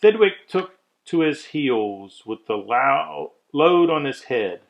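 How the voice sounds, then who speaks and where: Man reading a rhyming children's story, unhurried, mid pitch, expressive. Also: creaky, low-quality recording. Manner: measured, expressive rhyming delivery. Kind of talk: rhyming storybook read-aloud.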